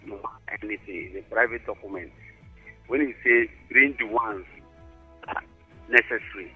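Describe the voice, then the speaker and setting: A Nigerian man calling in to a radio show, halting and repetitive. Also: lowish voice, husky. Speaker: caller. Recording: dull lo-fi phone line.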